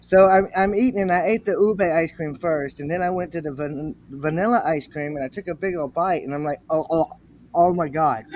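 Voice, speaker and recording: An American man chatting casually, telling a story and acting out quotes in an animated way. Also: on the high side, slight background noise. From United States. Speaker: livestream guest. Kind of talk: casual chat.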